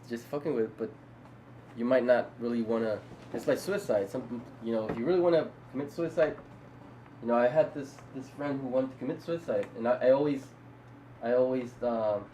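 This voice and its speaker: A man's voice: medium pitch, a little mellow, a little hiss or hum, low-quality recording. A man co-hosting a podcast, talking in a loose casual chat with many restarts and laughs between thoughts. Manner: rambling, frequent restarts, laughs while talking. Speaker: podcast co-host.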